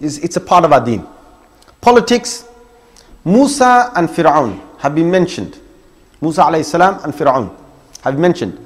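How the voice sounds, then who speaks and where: Emphatic man preaching, fairly high voice. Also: sing-song, normal speed, pauses often. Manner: emphatic, numbers points, challenges listeners. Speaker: Islamic preacher. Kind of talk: religious lecture.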